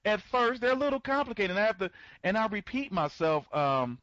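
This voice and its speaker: A man with a fairly high voice hosts a live webinar and rambles, circling back over the same points and greeting people by name as they join. He stumbles through frequent restarts. The sound is dull and lo-fi, with a dry, close feel. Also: big pitch swings, a little fast, fairly bright tone, no room sound. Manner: restarts and stammers often. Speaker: host of an online members' conference.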